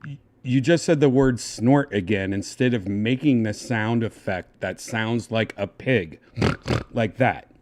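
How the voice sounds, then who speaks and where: A man with a lowish voice hosts a casual livestream. He talks someone through instructions one step at a time, patient and coaxing. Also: measured pace, a little mellow. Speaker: livestream host.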